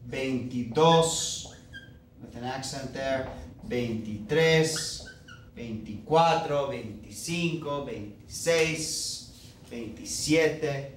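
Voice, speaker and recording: A man teaching a language lesson, sounding each word out slowly and carefully. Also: on the high side, slight background noise. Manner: slow, spelling words out carefully, stressing each syllable. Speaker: Spanish teacher. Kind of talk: classroom-style lesson. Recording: echoey room, mic far off.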